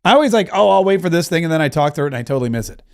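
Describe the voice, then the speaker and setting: A man's voice: a little high, lively intonation, rapid-fire. A middle-aged man hosting a casual livestream, rambling and joking as he reads out viewer comments. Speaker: livestream host.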